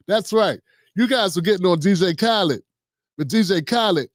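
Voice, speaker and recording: A man's voice: on the high side, a little mellow, no room sound, studio quality. A man hosting a livestream of political commentary, reading out notes and reacting with heated sarcasm. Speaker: livestream host.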